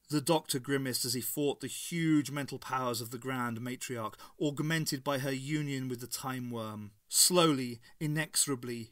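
A man narrating an unabridged novel in a measured, dramatic way. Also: medium pitch, a bit bright, no echo, clean studio sound. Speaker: audiobook reader.

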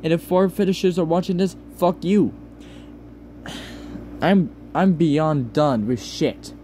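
A man near tears in an upset vlog rant, pleading with viewers, swearing and halting over his words. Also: a little high, mellow, slight background noise. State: close to tears. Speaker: channel owner.

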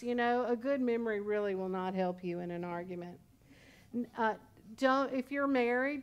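A woman's voice: medium pitch, clear, resonant tone. A woman pastor in her sixties preaching a sermon in a conversational, storytelling way with humorous asides. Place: church service.

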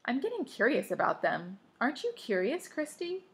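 A woman's voice: on the high side, huge pitch swings, normal speed, voice pushed up. Woman voicing a curious young teen girl.

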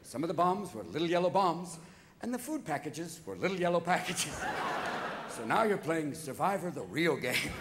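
A man doing live stand-up comedy on a theater stage, manic and rapid-fire, bursting into loud shouts and sudden voice switches. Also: a little high, very animated, reverberant. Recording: live theater recording with crowd noise. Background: audience laughing and cheering.

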